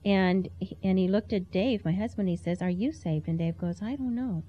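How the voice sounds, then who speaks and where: A woman's voice: on the low side, fairly even intonation, normal speed, highs cut off. A woman sharing a heartfelt personal testimony in an earnest, storytelling way. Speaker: interview guest.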